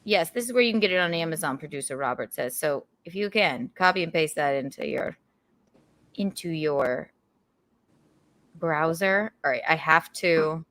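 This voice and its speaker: A woman's voice: low voice, animated, normal speed, fairly bright tone. Playful pun-making woman podcast host. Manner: playful, punning, gushing about guests. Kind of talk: casual podcast banter.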